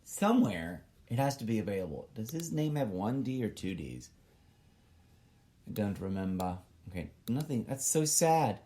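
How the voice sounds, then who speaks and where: A man's voice: lowish voice, sing-song, normal speed, dark tone. A middle-aged man hosting a solo podcast, rambling along and wandering off on tangents as he talks to himself. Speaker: podcast host.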